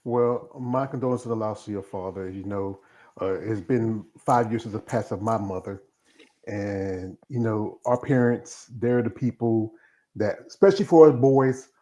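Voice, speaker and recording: A man's voice: on the low side, dark tone. A man hosting a livestream interview over a video call, talking folksy and addressing the audience as "folks". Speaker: host.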